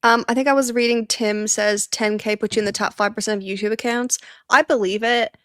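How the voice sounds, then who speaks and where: A woman hosting a casual live-stream watch party, chatting excitably and laughing often, teary and sniffly. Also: on the high side, brisk, clear, resonant tone, no echo, studio quality.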